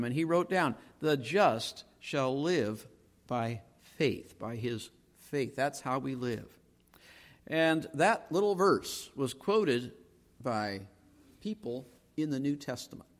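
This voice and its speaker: A man delivers a sermon as pastor, his voice sitting a little high for a man. He talks in a measured way and slows down to drive each quoted verse home. His words trail off into a long reverb, as if he is heard in a church sanctuary. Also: animated. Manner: measured preaching with slow emphatic quoting of verses.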